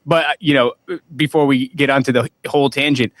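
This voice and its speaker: A man's voice: mid-range voice, steady tone, moderate pace, dry recording. A man guesting on a podcast, talking casually and emphatically.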